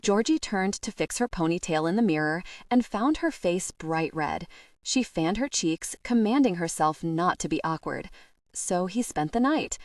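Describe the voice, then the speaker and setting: A woman reads a romance audiobook, her voice pitched somewhat low but moving expressively through a wide range. The recording is close and dry, with no room sound. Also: lively intonation, normal speed, no room sound. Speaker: audiobook narrator. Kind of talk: scripted romance narration.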